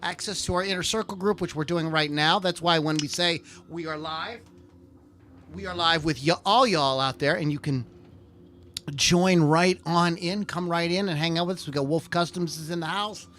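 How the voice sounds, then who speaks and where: A man's voice: fairly high pitch, moderate pace, bright, forceful tone, slight background noise. A man hosting a live podcast in casual, jokey chat, rambling and correcting himself as he goes. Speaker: podcast host. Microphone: desk mic with camera.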